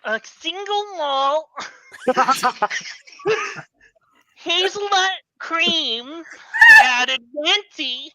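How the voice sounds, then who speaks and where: A grand, theatrical old showbiz diva, as a young man puts her on. The voice sits high and bright and drags each word out slowly. It is dry and close to the mic. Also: no echo, full character voice, poor audio. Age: 20s.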